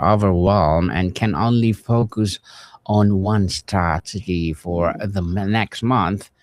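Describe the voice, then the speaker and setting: A man hosting a podcast, asking interview questions in a measured, formal way. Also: lowish voice, vocal fry, darkish tone, dry recording. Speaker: podcast host.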